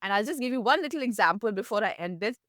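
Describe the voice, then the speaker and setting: A woman, a meditation teacher, explaining mindfulness through gentle stories in an interview. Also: quick pace, no echo, studio quality. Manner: gentle storytelling, lively pitch, laughs softly.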